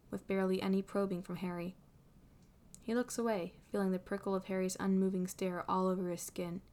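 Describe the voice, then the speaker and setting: A woman reading a fan fiction story aloud as narrator, in a calm, even storytelling manner. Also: mid-range voice. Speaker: reader.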